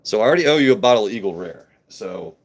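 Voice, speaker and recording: A man's voice: fairly low pitch, animated, fast talker. Joking, profane man in his thirties. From Maryland, USA. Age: 30s. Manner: loose, profane, joking banter with chat. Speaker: live streamer. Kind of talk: casual live-stream chat. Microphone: phone.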